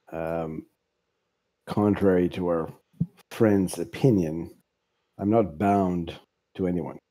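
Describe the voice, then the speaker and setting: A deep-voiced man playing a tabletop game. He talks very slowly and deliberately, with a husky edge, and the sound is dry and close. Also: warm tone, no room sound. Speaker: player.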